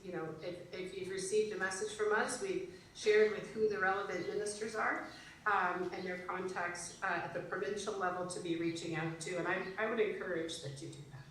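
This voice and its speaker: A woman's voice: medium pitch, steady tone, fairly quick, fairly bright tone, distant mic, a little hiss or hum. Woman speaking in an echoey hall from afar. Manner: earnest, with hesitant fillers. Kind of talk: public speech.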